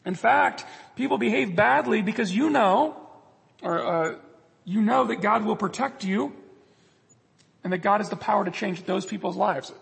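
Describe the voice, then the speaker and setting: A man's voice: high-pitched, normal speed, gravelly, fairly bright tone, slightly rough, in a large hall. A man preaching a sermon as a pastor, earnest, acting out prayers and God's replies in the quotes.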